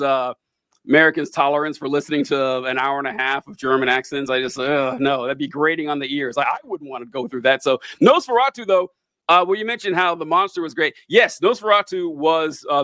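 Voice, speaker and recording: A man's voice: fairly high pitch, brisk, pushed and bright, no echo. A man co-hosting a casual chat about a movie, rambling and swearing freely with frequent laughs. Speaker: podcast co-host.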